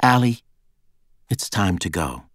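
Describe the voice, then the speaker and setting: Male reader playing a level-headed woman bodyguard in a thriller audiobook, measured delivery. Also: on the low side, very animated, dry recording, studio quality. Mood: firm. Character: female Secret Service agent, calm and firm.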